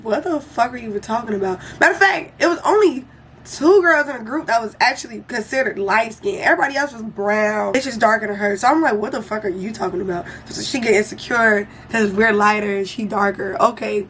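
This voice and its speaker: Animated slangy young woman, fairly high voice. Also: a little hiss or hum. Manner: animated, slangy and profane, acts out quotes. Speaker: YouTuber telling a story. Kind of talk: casual storytime vlog.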